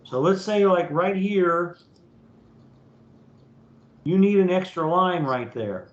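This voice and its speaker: A professor teaching online speaks in a high, expressive voice at a slow pace, casually walking the class through the work step by step and repeatedly asking "okay?" to confirm understanding. The computer mic in the video meeting leaves his voice roomy and somewhat dull, lo-fi in quality.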